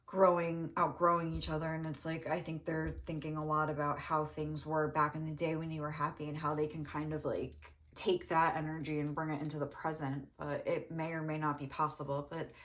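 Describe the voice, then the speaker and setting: A woman's voice: deep voice, flat delivery, normal speed, a bit bright. A woman reading tarot cards, talking casually and rambling with many fillers. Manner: rambling, lots of "like", laughs often. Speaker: tarot reader.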